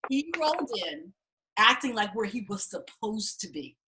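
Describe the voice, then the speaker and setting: A woman's voice: a little high, big pitch swings, moderate pace, background noise. A woman teaching an acting class, telling blunt, profane stories and acting out the people she quotes. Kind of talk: class talk to students.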